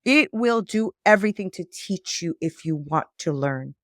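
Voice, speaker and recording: A woman life coach as a podcast guest, telling stories in a lively way and acting out the dialogue. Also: on the low side, moderate pace, dry recording, studio quality. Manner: animated storytelling, acts out quoted dialogue. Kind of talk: conversational interview.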